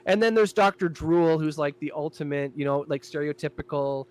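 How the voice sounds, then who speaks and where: A man in casual podcast chat, describing his own show in an animated way. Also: on the high side, a little fast, clean tone. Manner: animated, jumping into character voices.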